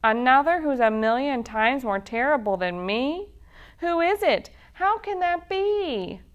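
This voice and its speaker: A woman's voice: high voice, expressive, unhurried, clean tone, lo-fi sound, voice pushed up. A woman doing a boastful slimy monster. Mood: indignant.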